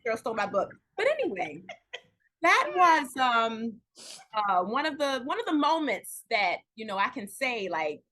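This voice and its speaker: A woman, an actress, chatting candidly in an interview, telling stories with lively acted-out quotes and at times close to tears. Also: fairly high pitch, a little slow. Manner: animated storytelling, acts out quoted dialogue, near tears at times. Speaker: guest actress.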